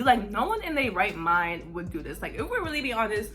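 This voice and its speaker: A young woman from New York, a vlogger telling a casual storytime, animated and profane, saying "like" constantly. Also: medium pitch, normal speed, few pauses, loud music behind the voice. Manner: animated, profane, heavy use of "like".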